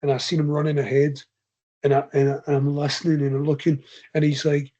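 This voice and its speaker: A Scottish man with a husky, slightly high voice tells a long, meandering story to podcast hosts. His talk is loose and chatty, with laughs scattered through it. The audio sounds a touch dull and lo-fi. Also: monotone, fairly quick, mellow. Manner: rambling, chatty anecdote with frequent laughs. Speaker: podcast guest, ultra runner. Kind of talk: casual storytelling.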